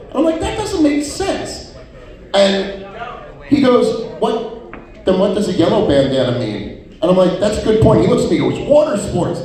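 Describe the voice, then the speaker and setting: A man performs a stand-up set, spinning profane anecdotes and jumping into voices for the people in them. His pitch sits a little high and moves around a lot. The sound is distant and washed in the reverb of a live venue. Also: darkish tone. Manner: profane storytelling with many acted-out quotes. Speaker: stand-up comedian. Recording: roomy venue sound from far off.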